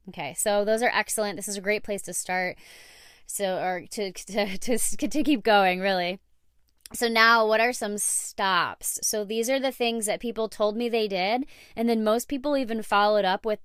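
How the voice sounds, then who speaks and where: A woman talking straight to her listeners in a relaxed solo podcast, chatty and candid, throwing in fillers and the occasional swear. Her voice is smooth and clear, recorded close and dry with no room sound. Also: mid-range voice, no room sound. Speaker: podcast host. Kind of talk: casual solo podcast talk.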